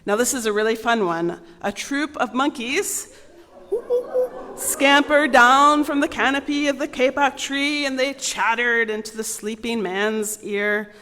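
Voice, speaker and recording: In a large church sanctuary, a woman with a high, pushed and bright voice reads a picture book aloud to children, a little slowly. She's playful and asks them questions, and the large hall gives the recording a long reverb.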